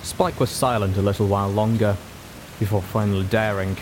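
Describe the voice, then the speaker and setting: A man narrating an audiobook story in a measured, dramatic manner. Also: on the low side, steady tone, background noise. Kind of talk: scripted narration.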